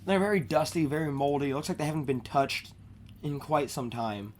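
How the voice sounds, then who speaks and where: A woman's voice: sits low, lively intonation, a little fast, darkish tone. A woman narrating a tabletop game as game master, with a scratchy throat and a hesitant delivery full of fillers. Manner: hesitant, many fillers and restarts.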